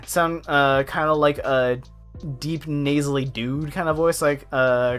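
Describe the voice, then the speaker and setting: Speaking slowly in a clean, slightly bright voice on the high side with a steady tone, a young man from the United States chats on his art live stream. He rambles, uses many fillers and laughs a lot, and faint lo-fi music plays behind him.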